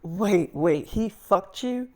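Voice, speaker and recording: A man voicing a mother who bluntly confesses an affair, in a soft, hushed way. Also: sits high, lively intonation, slow pace. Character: scheming adult woman, a mother confessing an affair.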